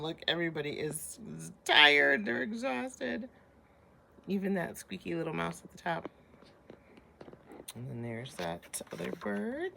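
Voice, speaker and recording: A woman teacher reading a children's picture book aloud, with hushed asides to young listeners. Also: fairly low pitch, creaky, background noise. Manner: slow, expressive, drops to hushed asides. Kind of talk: children's story read-aloud.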